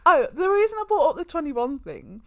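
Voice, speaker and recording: A young woman from the UK tells a story in a casual chat, her pitch bouncing up and down as she goes. She laughs often, and her voice sits fairly high. The sound is dry and close, with no room around it. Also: big pitch swings, brisk, creaky, no room sound. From United Kingdom.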